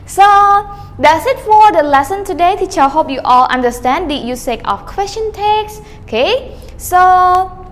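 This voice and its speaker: A woman's voice: high voice, long reverb tail, a little hiss or hum. A woman teaching an online English grammar lesson, filling her sentences with "okay" and acting out rising and falling question tags. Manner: repeats "okay" often, calls herself teacher; models question-tag intonation with rising and falling tones.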